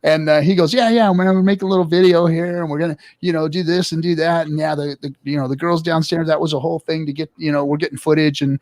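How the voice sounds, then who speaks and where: Gravelly guy spinning a crazy story, swearing, jumps to loud voices. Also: fairly high pitch, fast talker, hardly any pauses, no echo. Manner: animated, loud quoted voices, swears often. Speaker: podcast co-host. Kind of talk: casual storytelling chat.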